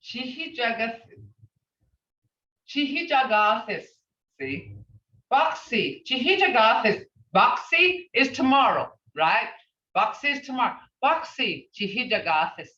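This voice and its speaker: Woman language teacher, slow and patient, repeats words, heard distant over a computer mic. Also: on the high side, big pitch swings, pushed and bright. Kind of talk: online language class. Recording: roomy, distant, dull lo-fi sound.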